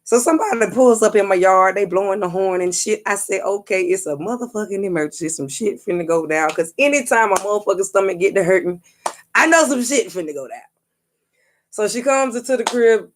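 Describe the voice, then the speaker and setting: Profane, animated storytelling woman. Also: medium pitch, fairly quick, slight background noise. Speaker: psychic reader and vlogger. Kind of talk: casual storytelling vlog.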